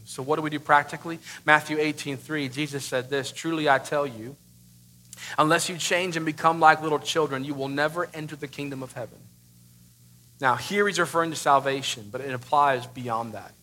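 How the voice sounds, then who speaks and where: A man in his thirties preaching a sermon as pastor, emphatic, with sudden loud bursts and rhetorical questions. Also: on the high side, brisk.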